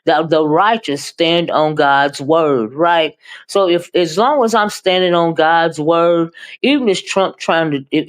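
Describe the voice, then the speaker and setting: A woman whose voice is on the low side chats animatedly through a casual live-stream commentary. She calls viewers "honey" and "child," and sometimes her words come out rushed.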